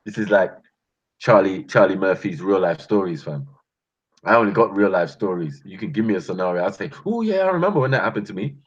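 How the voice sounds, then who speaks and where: Husky animated man. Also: deep voice. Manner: animated, slangy, boastful, breaks into laughs and sound effects. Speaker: channel host. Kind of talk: casual storytelling vlog. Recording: muffled lo-fi sound.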